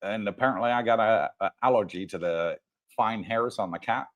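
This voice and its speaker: Co-hosting a livestream from home, an older man rambles through casual chat with fillers and frequent laughter. He speaks at normal speed in a lowish voice with a fairly bright tone.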